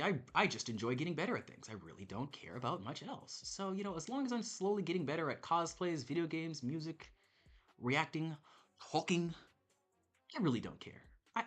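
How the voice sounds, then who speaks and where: Candid streamer man with lively, bright voice. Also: on the high side. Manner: candid, profane, self-reflective. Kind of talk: rambling stream chat while gaming.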